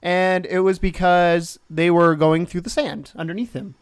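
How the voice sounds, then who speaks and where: A man's voice: sits high, steady tone, measured pace, smooth, dry recording, clean studio sound. A man in his twenties hosting a let's play, thinking aloud in rambling sentences and chuckling often. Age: 20s. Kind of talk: casual gameplay commentary.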